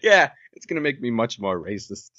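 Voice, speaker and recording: A man's voice: medium pitch, sing-song, a little fast, sharp tone, no room sound. A man co-hosting a podcast in casual chat, rambling and jokey, swearing casually. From Ohio, US. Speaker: podcast co-host. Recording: dull lo-fi sound.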